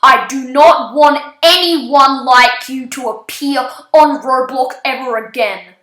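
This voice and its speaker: A scornful, insulting online bully, as quoted by a woman in her own high voice. The tone is bright and the delivery slow, and the sound is echoey.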